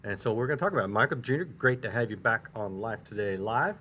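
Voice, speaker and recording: A man hosting a live talk show, introducing and questioning a guest in an upbeat, slightly halting way. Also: fairly low pitch, sharp tone, a little hiss or hum. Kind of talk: interview host introduction.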